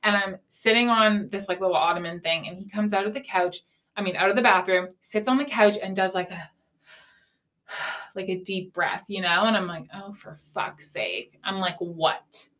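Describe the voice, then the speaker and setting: A woman's voice: medium pitch, fairly quick, bright, forceful tone. A young woman hosting a podcast, candidly telling a dating story in casual chat, saying "like" often and swearing freely. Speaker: podcast host.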